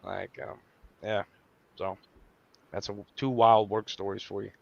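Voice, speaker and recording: A man's voice: fairly low pitch, level tone, unhurried, gravelly. A man on a podcast telling a story in a loose, casual way, full of fillers and slang, in a dull lo-fi recording. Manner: loose, filler-heavy, says bro a lot. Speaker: podcast co-host. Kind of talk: casual chat.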